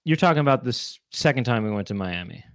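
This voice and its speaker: Halting, teasing man co-host. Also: medium pitch, animated, no echo, clean studio sound. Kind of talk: casual chat.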